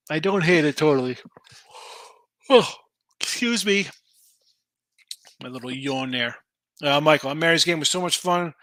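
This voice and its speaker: A man hosting a sports betting show, chatting casually and thinking aloud over lines and viewer picks with an animated, rambling delivery. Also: medium pitch, no room sound. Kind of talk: casual live-stream chat reading viewer picks.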